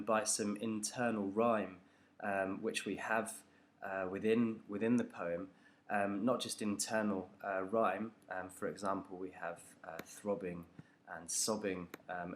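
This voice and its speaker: A man teaching a poetry analysis lesson, talking it through unscripted and hesitant, with many ums and restarts. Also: fairly low pitch.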